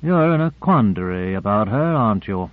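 A man's voice: on the low side, big pitch swings, normal speed, no room sound. A man doing a sly, probing sardonic man. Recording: dry narrow phone-like audio.

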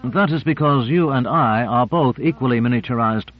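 Man doing a precise formal scientist, raised pitch, matter-of-fact, muffled lo-fi recording. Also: moderate pace, natural voice. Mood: explaining.

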